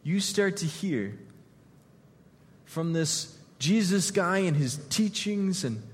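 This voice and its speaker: A man preaching a sermon as pastor, retelling scenes vividly and swinging from loud to hushed. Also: sits high, animated, slow pace, breathy edge, long reverb tail.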